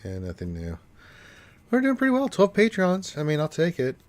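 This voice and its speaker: A man's voice: fairly high pitch, wildly swooping pitch, normal speed, darkish tone. A congested man with allergies, hosting a casual gaming livestream and rambling with cursing asides. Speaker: livestream host.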